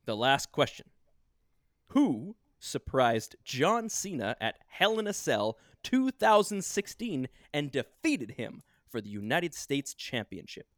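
A man hosting a casual podcast trivia quiz, teasing the players and reading the questions out slowly. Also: medium pitch, big pitch swings, fairly bright tone, no echo, clean studio sound.

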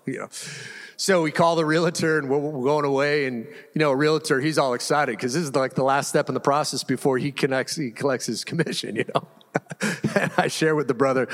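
A man's voice: mid-range voice, fairly quick. Man preaching conversationally in an echoey hall. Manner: conversational, self-deprecating, laughs while telling stories. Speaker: pastor. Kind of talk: sermon with personal storytelling. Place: church hall with a congregation.

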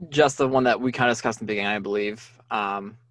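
Halting man in casual podcast chat. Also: fairly low pitch, steady tone, a bit bright, dry recording. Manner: hesitant, halting, self-correcting. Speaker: podcast co-host.

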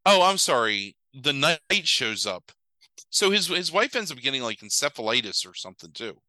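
A medium-pitched man at a normal speed retells a film for a podcast, rambling, profane, and lively as he imitates the characters. The audio has no room sound but is low in quality.

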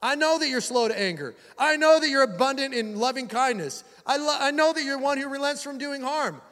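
A man's voice: very high-pitched, animated, fast, bright, forceful tone, in a large hall, pitched above the performer's own voice, full character voice. A man putting on a whiny, indignant prophet. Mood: exasperated. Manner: whiny, emphatic complaining. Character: exasperated grudging male prophet, indignant and sulky.

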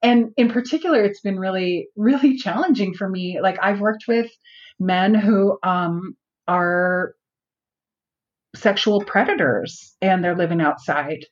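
A woman's voice: mid-range voice, a little slow. Woman guest in a podcast interview, earnest and reflective, slightly dull recording. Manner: earnest, reflective, searching for words. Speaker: outreach worker and guest. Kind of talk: conversational interview.

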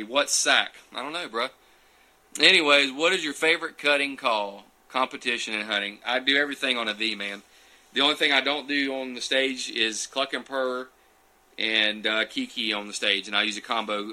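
Bright-voiced folksy man chatting live. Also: medium pitch. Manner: folksy, chatty, addresses viewers by name. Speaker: livestream host answering viewer questions. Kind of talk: casual live Q and A. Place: small room, on a futon couch.

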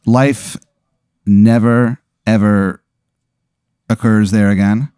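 A man's voice: on the low side, fairly even intonation, slow pace, dark tone, smooth, no room sound, clean studio sound. A man hosting a comedic podcast, improvising a hypothetical story in a rambling way full of "like" and "kinda". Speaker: host running an improvised hypothetical.

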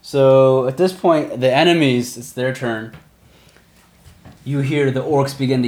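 A man narrating as game master of a tabletop role-playing game, with lively descriptions of the action. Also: mid-range voice, unhurried, long pauses. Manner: lively, slips into shouted character voices.

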